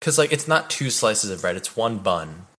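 A man's voice: fairly low pitch, sing-song, moderate pace, bright, forceful tone. A young man guesting on a podcast, chatting casually and hesitantly, with lots of filler words. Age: young adult. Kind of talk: casual chat.

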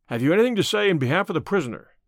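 A man's voice: high voice, sing-song, rapid-fire, no room sound, studio quality. A man voicing a stern, impatient frontier judge with curt, formal questions.

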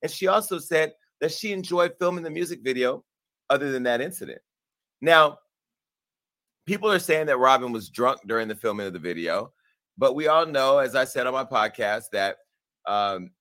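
Gossip host, man, bright forceful voice, sassy and profane, dry close sound. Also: mid-range voice, moderate pace, no echo. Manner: sassy, profane, animated, laughs at himself. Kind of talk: brash gossip commentary.

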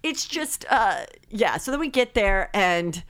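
A middle-aged woman, a comedian, telling animated stories full of fillers and swearing, acting out other people's voices. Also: mid-range voice, measured pace, no echo, studio quality. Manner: many filler likes. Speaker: guest comedian. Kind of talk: casual storytelling chat.

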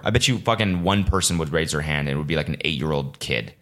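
Low-voiced young guy ranting on his podcast, swearing a lot, rambly and exasperated. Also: rapid-fire, few pauses, fairly bright tone. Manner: profane, rambling, exasperated, jumping into mocking voices. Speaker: podcast host. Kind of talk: casual solo podcast rant.

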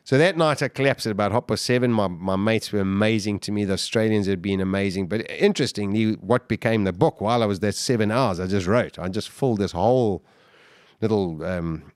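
A man telling his survival story as a podcast guest, intense and halting, with many restarts. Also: lowish voice, no echo, studio quality. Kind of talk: emotional storytelling interview.

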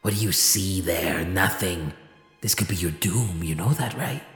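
A man's voice: sits low, unhurried, echoey room, long reverb tail, faint music behind, pitched below the performer's own voice. A man voicing a vain, melodramatic companion who wails theatrically and guilt-trips. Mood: wounded, guilt-tripping. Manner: theatrical, swings from wailing to wounded guilt-tripping.

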